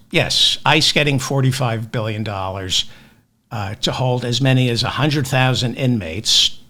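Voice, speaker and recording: Male comic news host: bright, sharp voice, unhurried but highly expressive, sarcastic rants. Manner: ranting, sarcastic, self-deprecating asides. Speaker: podcast host. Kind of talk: comedic news commentary.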